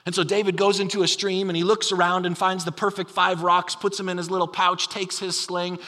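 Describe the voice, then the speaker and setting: A man's voice: high voice, flat delivery, a little fast, pushed and bright. A man preaching a sermon as pastor, telling the story with emphatic energy. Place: church sanctuary. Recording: long hall reverb.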